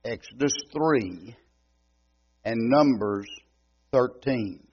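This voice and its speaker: Slow-drawling older East Texas preacher. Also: male voice, mid-range voice, lively intonation, breathy edge, lo-fi sound. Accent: East Texas Southern. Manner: homey, joking, unhurried drawl. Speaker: visiting preacher. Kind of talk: folksy sermon. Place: church sanctuary.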